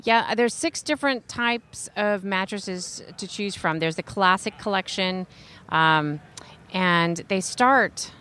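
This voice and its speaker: A woman co-hosts a radio talk show. She speaks in a loose, conversational way and leans on "like" and other fillers. Her pitch sits in the ordinary middle range for a woman. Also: slow pace, smooth. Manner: relaxed, filler-heavy, uses "like" often. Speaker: radio co-host. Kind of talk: casual talk and ad reads.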